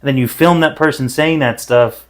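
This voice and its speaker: A man co-hosting a podcast in casual chat over drinks, talking in a measured, wry way with dry pushback, recorded on an indoor podcast set. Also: mid-range voice. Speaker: podcast co-host.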